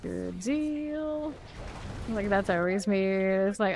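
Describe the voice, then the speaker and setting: A woman's voice: mid-range voice, fairly even intonation, normal speed, slight background noise. Chatty woman streaming a game. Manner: chatty and rambling, heavy use of "like". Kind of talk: casual gameplay chat.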